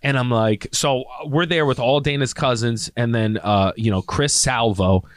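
Animated storytelling man in a dry studio. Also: medium pitch, normal speed, no room sound. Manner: animated storyteller, acts out quotes, laughs often. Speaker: podcast co-host. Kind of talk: casual chat.

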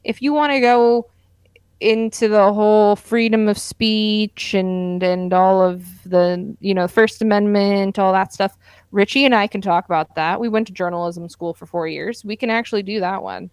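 Tired female co-host, slow and hesitant, smooth and dry. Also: mid-range voice, fairly even intonation, darkish tone, no room sound. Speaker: podcast co-host. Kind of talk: casual podcast chat.

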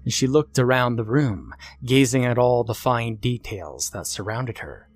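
A man telling a first-person horror story, expressive and acting out the dialogue. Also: mid-range voice, a little slow, few pauses, breathy edge, faint music behind.

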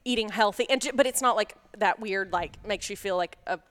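A woman in casual chat as a podcast co-host, excitable and quick to laugh while retelling stories. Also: medium pitch, long reverb tail.

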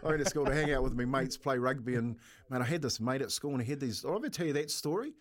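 A middle-aged man with a New Zealand accent spins a long, rambling yarn on air. He keeps breaking into laughter and calls his co-host "mate" every few lines. His voice sits at an ordinary pitch, in a relaxed, chatty radio manner. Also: quick pace. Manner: chatty, laughs often, says "mate" a lot. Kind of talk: casual radio banter and storytelling.

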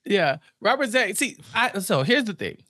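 A man's voice: sits high, sing-song, normal speed, pushed and bright, dry recording, clean studio sound. A man co-hosting a podcast, chatting casually and laughing as he acts out quotes in character voices. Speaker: podcast co-host. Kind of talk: casual recap chat.

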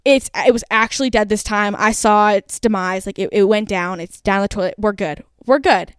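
A young woman in her twenties hosting a podcast, telling a story in a lively rush full of fillers. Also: mid-range voice, moderate pace, smooth, no echo, clean studio sound. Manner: animated, breathless, full of "like" fillers. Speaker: podcast host. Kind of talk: casual storytelling.

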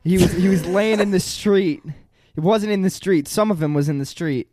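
A man's voice: high voice, moderate pace, a little mellow, no echo, clean studio sound. A young man co-hosting a podcast, joking and laughing in casual, profane banter. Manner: jokey, laughs often, swears. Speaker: podcast co-host.

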